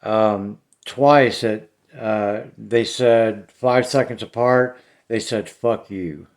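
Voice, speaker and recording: Plainspoken man with a lowish voice, a paranormal vlogger talking straight to camera. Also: steady tone, takes it slowly. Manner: blunt and plainspoken. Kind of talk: casual talk to camera.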